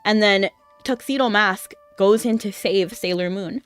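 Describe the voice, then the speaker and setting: Soft music plays behind a young woman streaming a game as a VTuber, her mid-range voice fairly bright and unhurried. She chats and rambles, leaning on "like" again and again.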